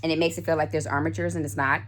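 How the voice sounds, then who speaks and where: A woman's voice: sits low, level tone, very fast, fairly bright tone, slight background noise. A middle-aged woman chatting casually to camera about her dolls, gushing and full of fillers and restarts. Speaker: doll collector vlogger. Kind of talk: casual chat.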